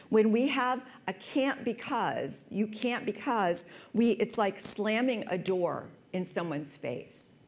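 A woman's voice: mid-range voice, expressive, takes it slowly, hardly any pauses. A woman hosting a talk show, telling a personal story in an earnest, conversational way. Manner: earnest, storytelling, quotes people with voice changes.

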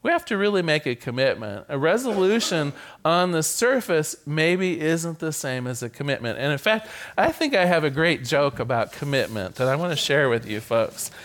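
A male minister with a somewhat high voice delivers a sermon. His pitch swings widely as he speaks, and his delivery is playful and animated, with occasional stumbles where he repeats a word before carrying on. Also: normal speed.

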